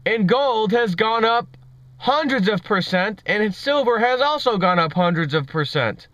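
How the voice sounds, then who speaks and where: A man putting on an Indian accent to voice a man questioning a minister from the crowd, slow and pointed. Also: sits high, animated, fairly bright tone, no room sound, pitched above the performer's own voice. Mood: earnest questioning. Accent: put-on Indian accent.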